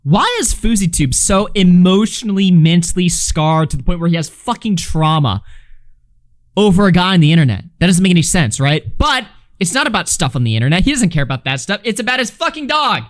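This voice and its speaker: A man's voice: high-pitched, sing-song, fairly quick. A man live-streaming a casual reaction, swearing freely, laughing and reading chat messages aloud. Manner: loose, profane, laughing, reads chat aloud.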